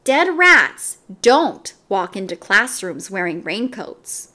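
A woman voicing a friendly young male yard teacher who tells a story to a class with patient, lively storytelling. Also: medium pitch, takes it slowly, full character voice.

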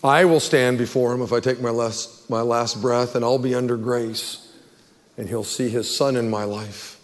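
A man's voice: mid-range voice, steady tone, moderate pace. Male pastor, mid-range voice, earnest pleading sermon, long church reverb. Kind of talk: sermon altar call and prayer. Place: church sanctuary.

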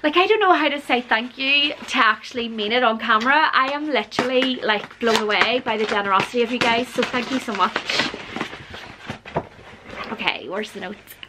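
A woman, gushing excitedly through a casual gift unboxing vlog as a book vlogger. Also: a little high, normal speed, background noise. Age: 40s. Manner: gushing and excitable, frequent gasps and squeals.

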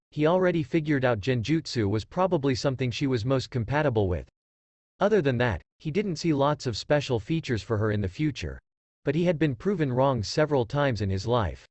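Lively-voiced man narrating fan fiction. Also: medium pitch, dry recording. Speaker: story reader.

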